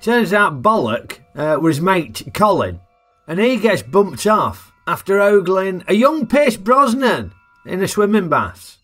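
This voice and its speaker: A man's voice: sits high, big pitch swings, unhurried, a bit bright, faint music behind. A man giving a chatty, jokey film review full of tag questions. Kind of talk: casual film review narration.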